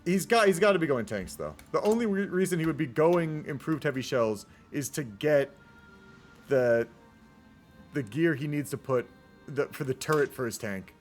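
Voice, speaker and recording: A man's voice: fairly high pitch, animated, moderate pace, soft background music. A man casually commentating a multiplayer strategy game on a live stream, rambling into laid-back asides and swearing often.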